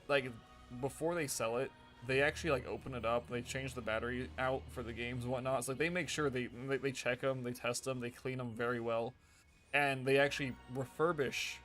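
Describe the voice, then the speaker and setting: A man's voice: medium pitch, a bit bright. A man streaming a game, chatting casually and rambling with lots of fillers and restarts. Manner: rambling, many fillers and restarts, jokey with chat. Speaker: gaming streamer. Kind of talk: casual live-stream chat.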